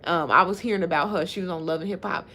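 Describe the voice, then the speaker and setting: Low, gravelly-voiced woman livestreaming. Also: quick pace, sharp tone. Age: 30s. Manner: chatty, reacts to viewer comments; laughs often while talking. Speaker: livestream host. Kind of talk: casual livestream chat.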